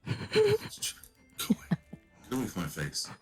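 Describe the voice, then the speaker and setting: A man's voice: very deep voice, very animated, brisk, faint music behind. A man chatting over voice chat while gaming, dry and sarcastic. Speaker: co-player on voice chat.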